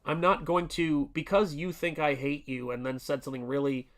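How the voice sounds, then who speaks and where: A man's voice: on the high side, level tone, normal speed, a bit bright. A man in his forties hosting a casual art livestream, talking earnestly and rambling with many restarts and fillers. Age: 40s. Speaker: artist livestream host.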